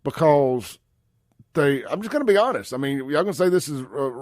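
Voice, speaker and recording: A man's voice: on the high side, expressive, brisk, darkish tone, no room sound, studio quality. A man from Mississippi hosting a talk radio show, blunt and folksy, calling listeners brother. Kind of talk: conservative talk radio commentary.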